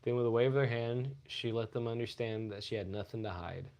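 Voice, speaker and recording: A man co-hosting a loose podcast, riffing and cracking crude jokes. His voice sits at an ordinary pitch, and he curses freely as he rambles. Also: fairly quick. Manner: crude, joking, loud bursts, profanity. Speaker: podcast co-host. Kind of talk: casual podcast banter.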